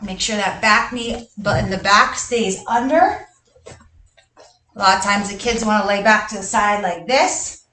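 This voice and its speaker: Cheerful gymnastics coach, echoey gym. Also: female voice, mid-range voice, steady tone, measured pace, bright, forceful tone, distant mic, a little hiss or hum. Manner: cheerful, counts reps aloud, chuckles often. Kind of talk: live online workout class. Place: large gym. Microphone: camera a distance away.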